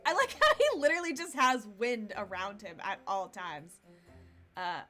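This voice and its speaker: A woman's voice: fairly high pitch, wildly swooping pitch, moderate pace, pushed and bright, soft background music. A woman streaming a story game from home, chatting casually, giggling, and reading lines aloud. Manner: giggly and chatty, breaking into laughs. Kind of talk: casual let's-play commentary with read-aloud dialogue.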